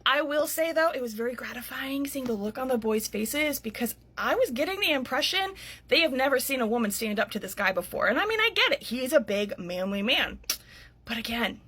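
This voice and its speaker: Fired-up high bright woman in her thirties. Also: brisk, slightly rough. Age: 30s. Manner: indignant, animated retelling. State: worked up. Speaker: author. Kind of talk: vlog storytelling.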